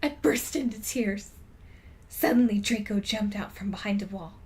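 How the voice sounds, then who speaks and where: A woman's voice: mid-range voice, moderate pace, darkish tone. A woman streamer reading a fan story aloud with amused commentary, often breaking into laughter.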